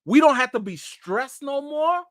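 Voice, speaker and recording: A man hosting a casual live-stream chat, speaking, breaking into excited exclamations and reading viewer comments aloud. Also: extremely high pitch, measured pace, no echo, studio quality. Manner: animated, preacher-like exclamations. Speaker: host of a live chat show.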